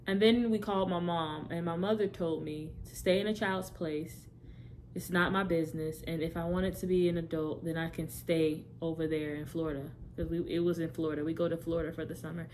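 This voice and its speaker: A woman's voice: low voice, steady tone, fairly quick, darkish tone, a little hiss or hum. A young woman candidly telling her personal testimony straight to her viewers, rambling and correcting herself as she goes. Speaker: testimony speaker.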